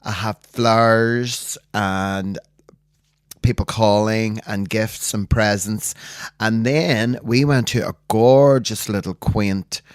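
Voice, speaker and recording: A Northern Irish man sits in a dead, dry studio, chatting with a co-host. His voice sits low, and he tells his stories with gusto. He keeps jumping into the voices of the people he quotes. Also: slow, smooth, dry recording. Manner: animated storyteller acting out voices of people he quotes. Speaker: podcast co-host. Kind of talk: casual chat, storytelling.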